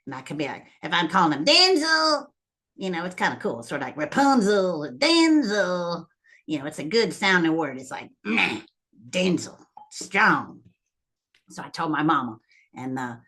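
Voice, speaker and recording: A woman's voice: lowish voice, very animated, fairly quick, a bit bright. Rambling woman telling a story. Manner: rambling, chatty, full of ums and small laughs. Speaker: vlogger. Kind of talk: casual storytelling.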